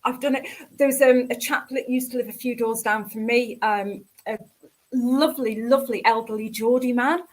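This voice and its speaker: A woman in her fifties with a northern English accent chats as a guest on the radio. She tells stories in a fairly high voice and laughs often. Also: fairly even intonation, moderate pace. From north of England. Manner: chatty storyteller who laughs easily. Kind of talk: casual radio chat.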